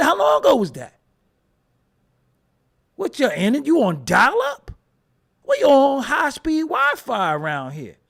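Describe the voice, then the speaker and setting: A man's voice: extremely high pitch, vocal fry. A man hosting a casual livestream, ranting at his chat in a profane, mocking way. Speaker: show host.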